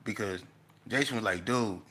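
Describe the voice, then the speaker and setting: A man telling a casual storytelling monologue, animated and profane, breaking into loud outbursts. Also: fairly low pitch, normal speed, slightly rough. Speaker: vlogger telling stories.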